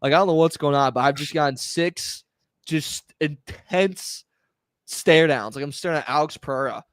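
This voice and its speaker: A man's voice: a little high, normal speed, no room sound, clean studio sound. A man co-hosting a casual podcast, telling family stories and laughing through them. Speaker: podcast co-host. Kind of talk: casual storytelling chat.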